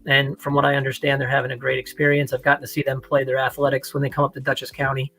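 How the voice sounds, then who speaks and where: Casting: a rambling man reminiscing about school, bright and slightly high voice, faint music behind. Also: monotone, racing, low-quality recording. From New York. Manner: rambling, many fillers and restarts. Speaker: guest, former student. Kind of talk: casual video call chat.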